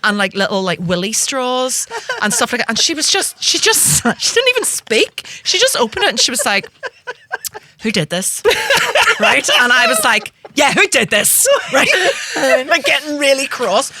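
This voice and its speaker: A woman's voice: sits high, moderate pace. A Northern Irish woman in her forties hosting a comedy podcast, telling stories with lots of laughter. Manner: animated storyteller, laughing often. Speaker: podcast host. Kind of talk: casual comedic chat.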